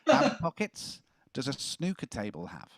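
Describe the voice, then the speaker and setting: A man's voice: medium pitch, wildly swooping pitch, moderate pace, vocal fry, no room sound, clean studio sound. A man hosting a casual quiz, reading questions and joking between answers. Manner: jokey, chuckling as he reads questions. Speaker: quiz host.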